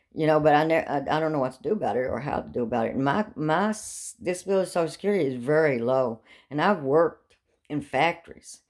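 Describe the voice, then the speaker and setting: A woman's voice: low-pitched, darkish tone. A middle-aged woman telling rambling personal stories in a talkative way, with morbid jokes and frequent laughs. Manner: talkative, darkly joking, laughs often. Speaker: vlogger telling life stories.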